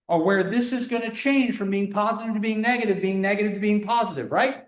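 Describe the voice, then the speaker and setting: A man in his fifties giving a classroom calculus lecture, lively and conversational with playful asides to students. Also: high-pitched, fast talker, hardly any pauses. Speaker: math lecturer.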